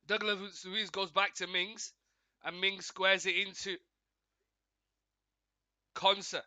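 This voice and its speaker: A man hosting a live football watchalong, giving chatty play-by-play commentary in a slightly croaky voice from a cold, often greeting viewers and correcting himself. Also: high-pitched, level tone, slow pace, pauses often, pushed and bright, dry recording, lo-fi sound.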